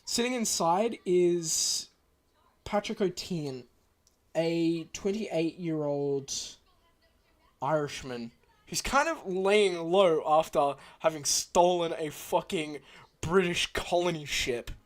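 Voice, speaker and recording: A woman's voice: on the low side, takes it slowly. An Australian woman running a tabletop game as game master, swearing casually and laughing often.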